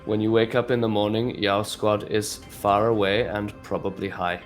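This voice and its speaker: A man speaking as a player with a dry, flat delivery. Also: on the low side, moderate pace, faint music behind. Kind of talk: casual chat.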